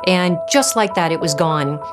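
A woman giving a personal faith testimony, earnest and halting, often restarting her sentences. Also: fairly low pitch, over music. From Southern California. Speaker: testimony speaker.

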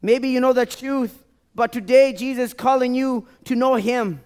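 A man's voice: extremely high pitch, steady tone, normal speed, a little mellow, clear, resonant tone. A man pastor preaching a sermon and leading an altar call to a church, pleading and repeating his phrases with rising and falling intensity. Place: church sanctuary.

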